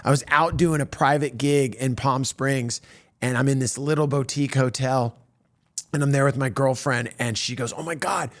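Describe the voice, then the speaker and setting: A male stand-up comedian telling a story as an animated, self-mocking monologue, full of restarts and fillers. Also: mid-range voice, moderate pace.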